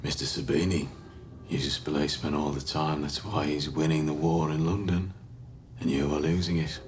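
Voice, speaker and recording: An actor playing a cold, controlled gang boss negotiating a deal, quiet and measured. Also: male voice, extremely low pitch, level tone, slight background noise. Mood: cool. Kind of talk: television crime drama.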